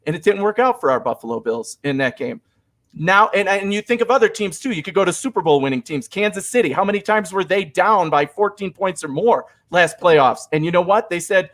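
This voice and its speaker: A man's voice: high-pitched, expressive, fairly quick, a bit bright. A man giving earnest, emphatic sports analysis on a casual talk show. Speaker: podcast co-host.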